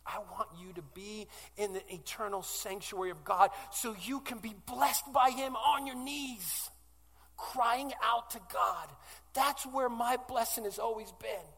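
A man in his forties preaching a sermon as pastor, moving from loud declarations to hushed pleas. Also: sits high, a little slow, vocal fry, in a large hall. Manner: impassioned, swinging from loud declarations to hushed, tearful-sounding pleas.

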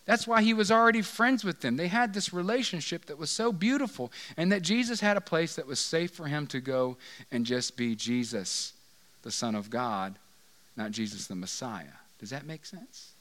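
A male pastor with a fairly high voice delivers a casual sermon. He jokes, checks in with listeners, and keeps things conversational. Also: animated, moderate pace, a bit bright. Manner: conversational, joking, asks audience questions.

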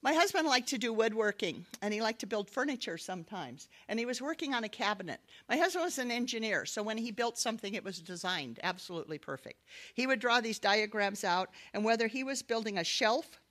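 Speaking briskly and with animation, a middle-aged woman uses a fairly high, slightly bright voice. She offers her personal testimony as a sermon in a devotional talk, earnest in tone and punctuated by light laughter.

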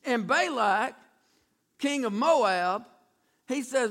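A male preacher giving an animated sermon, retelling a story with emphatic repetition. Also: very high voice, brisk.

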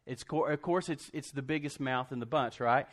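A man's voice: medium pitch, normal speed. A male pastor preaching in a conversational, joking way, full of asides and restarts as he tells a Bible story. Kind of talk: conversational sermon.

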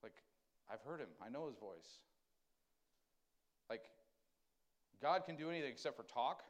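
With a medium-pitched, expressive voice and a measured pace, this pastor preaches conversationally. He puts questions to the congregation and alternates between forceful, loud points and soft, tender moments.

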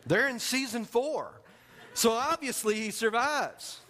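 Man preaching, high voice, acts out his story, long hall echo. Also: slow, noisy background. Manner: animated storytelling, acts out scenes. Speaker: pastor. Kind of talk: sermon. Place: church sanctuary.

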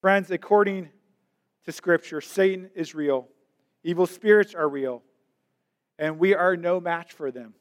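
A man's voice: high voice, unhurried, pauses often. A male pastor preaching a sermon in an emphatic way, repeating words as he drives his points home.

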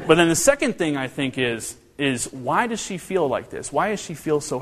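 A man preaching a sermon in a church, earnest and animated, often restarting his phrases. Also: on the high side, a little slow, in a large hall, a little hiss or hum. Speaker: pastor.

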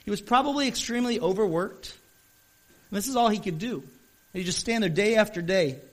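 A man preaching a sermon as pastor, retelling a Bible story earnestly with shifts in pace and loudness. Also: high voice, brisk.

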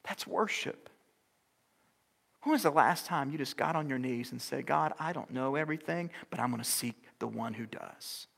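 A middle-aged man preaching a sermon as pastor, shifting from loud, urgent exhortation down to soft, near-whispered lines. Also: mid-range voice, vocal fry. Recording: long hall reverb.

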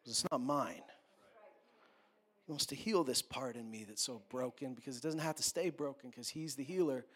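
A man preaching a sermon as a pastor, talking conversationally and joking with quick asides. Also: medium pitch, a bit bright, slightly rough.

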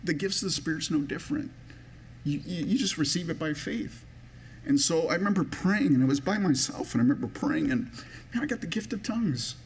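A man's voice: a little high, expressive, fairly quick, vocal fry, slight background noise. A man preaching a sermon in a personal, conversational way, with many restarts and a touch of emotion. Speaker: pastor.

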